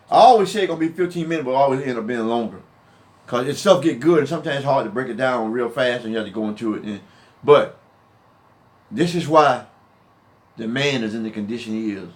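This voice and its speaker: A man giving informal Bible teaching to his viewers, heated and emphatic, often repeating and restarting his words. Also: mid-range voice.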